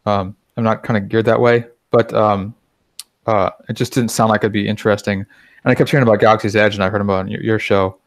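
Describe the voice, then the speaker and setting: A man with a lowish voice talks loosely on a podcast, recorded dry and close with little room sound. He drifts through his thoughts and slips into little voices when he quotes someone. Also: level tone, quick pace, dry recording. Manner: chatty, acts out quoted remarks. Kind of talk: casual podcast chat.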